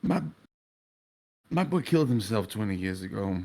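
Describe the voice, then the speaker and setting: A man's voice: lowish voice, sing-song, moderate pace, warm tone. A man voicing a grief-stricken middle-aged father who pleads and stammers. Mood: desperate pleading.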